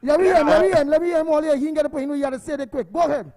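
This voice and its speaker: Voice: high voice, mellow. A radio host taking calls and keeping the conversation moving. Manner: brisk, moderating. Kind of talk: hosting call-in radio.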